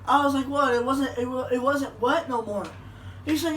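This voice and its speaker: Woman, high voice, crude joking storytelling, echoey room, distant mic. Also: a little slow, fairly bright tone, slight background noise. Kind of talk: casual storytelling chat.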